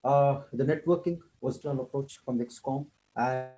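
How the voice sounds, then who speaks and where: Mellow man giving a meeting evaluation. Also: mid-range voice, moderate pace, rough recording. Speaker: general evaluator at a club meeting.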